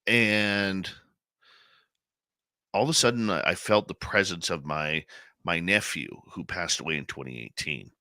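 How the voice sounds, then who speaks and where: A man with a very low yet strikingly bright, forceful voice hosts a radio show. He tells a personal story in an emotional, heartfelt way. The recording is dry and close. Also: a little slow, pauses often, no echo. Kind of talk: conversational interview.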